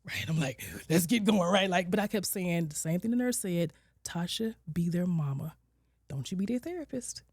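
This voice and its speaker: A woman in her forties, a social worker, telling her personal story as a podcast guest, candid, acting out her own and her children's words and sometimes dropping to a soft near-whisper. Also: on the low side, normal speed, breathy edge, no echo, clean studio sound. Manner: candid, quotes herself and her kids with lively shifts, drops to soft near-whispers. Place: podcast studio.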